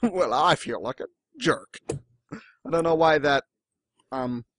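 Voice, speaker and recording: Animated man with dry close sound. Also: slow pace, no echo. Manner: animated, jumps into high exaggerated quote voices. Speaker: podcast co-host. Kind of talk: casual chat about manga.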